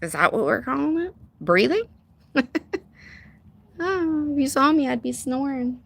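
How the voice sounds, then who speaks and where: A woman's voice: high-pitched, animated, measured pace, gravelly, fairly bright tone. A woman hosting a casual live stream, chatting sarcastically, laughing often and greeting viewers by name. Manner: sarcastic, says dude and y'all. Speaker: livestream host.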